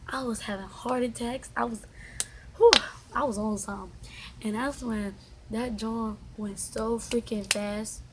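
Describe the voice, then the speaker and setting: A young woman vlogger telling a storytime in casual, slangy, animated chat. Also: on the high side, unhurried, background noise.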